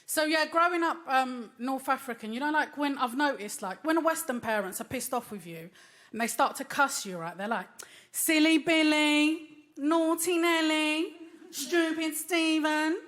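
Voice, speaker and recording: A woman's voice: high-pitched, expressive, brisk. Cheeky London woman doing stand-up. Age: 30s. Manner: cheeky, slangy, teasing the crowd. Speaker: stand-up comedian. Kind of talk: stand-up comedy set. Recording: loud crowd and noise, live club. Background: laughing audience.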